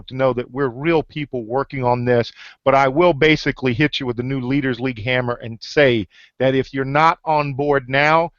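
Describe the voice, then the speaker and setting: A man's voice: mid-range voice, a bit bright, no room sound. A man hosting an online group call, pushing listeners to act with upbeat rallying talk and many fillers. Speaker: host of an online leaders' hangout. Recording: dull lo-fi call audio.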